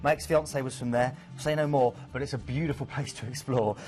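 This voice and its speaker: A man from the UK with a lively, chatty manner, presenting cruise destinations as a sales host and joking about himself. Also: mid-range voice, fairly quick. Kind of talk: enthusiastic sales pitch.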